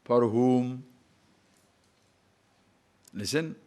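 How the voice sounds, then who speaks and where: An older man delivers a spiritual discourse in a voice of middle pitch. He talks in an animated way, full of rhetorical questions and small chuckles. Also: extremely slow. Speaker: spiritual teacher.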